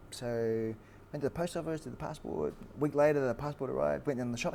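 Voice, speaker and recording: Animated Australian man telling a story. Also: medium pitch, quick pace, creaky, slight background noise. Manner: animated storyteller with frequent fillers and restarts. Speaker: guest, fighter. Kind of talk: storytelling in an interview.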